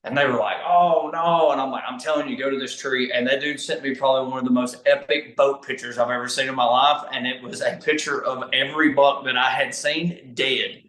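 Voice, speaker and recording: Dude excitedly spinning hunting yarns, roomy echo on his voice. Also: mid-range voice. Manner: animated, talks fast in bursts, laughs mid-story. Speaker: podcast guest, bowhunter. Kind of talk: casual storytelling chat.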